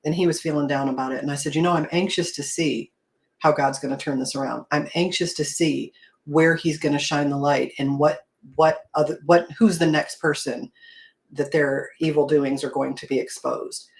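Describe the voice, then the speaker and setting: A woman's voice: low-pitched, fairly even intonation, normal speed. A woman hosting a casual faith talk, telling her story in an earnest, reflective way. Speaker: host.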